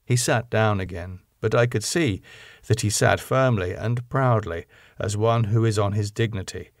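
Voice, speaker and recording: A man reading a classic novel aloud as an audiobook narrator, in a steady storytelling manner. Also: lowish voice, normal speed, dry recording, clean studio sound.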